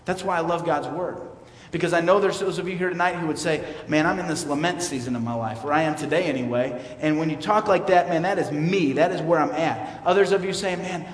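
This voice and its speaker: A man preaching a sermon in an earnest, candid way, swinging between loud and quiet. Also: fairly high pitch, brisk. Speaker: pastor. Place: church sanctuary. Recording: roomy hall reverb, mic far off.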